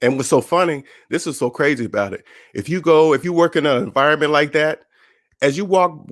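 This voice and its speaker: A mid-range voice belongs to this man, the host of his own personal finance channel. He speaks in a casual, motivational way and gets animated, mimicking other people's voices in the quotes within his stories.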